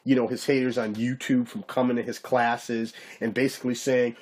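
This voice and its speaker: A man's voice: medium pitch, level tone, normal speed, a little mellow. A man giving a casual, profane ranting commentary to camera, mocking his target and often asking if you get what he's saying. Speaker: YouTube commentator.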